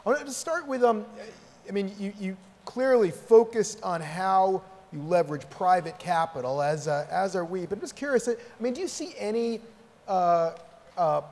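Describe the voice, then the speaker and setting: A man's voice: high-pitched, expressive, moderate pace, darkish tone. A man hosting a conference Q&A on stage, talking hesitantly with many fillers. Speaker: conference host. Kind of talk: moderating a stage Q&A. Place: large conference hall. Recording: reverberant hall, audience, faint noise.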